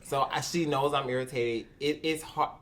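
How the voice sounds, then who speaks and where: A man co-hosting a casual podcast, telling a story with animated, expressive delivery and acted-out quotes. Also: medium pitch, moderate pace. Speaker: podcast co-host. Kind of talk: casual chat.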